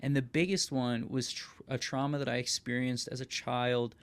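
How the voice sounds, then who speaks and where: A man's voice: mid-range voice, flat delivery, moderate pace, clean tone. A young adult man, a podcast host, telling a personal story in casual conversation, earnest and often asking "right?".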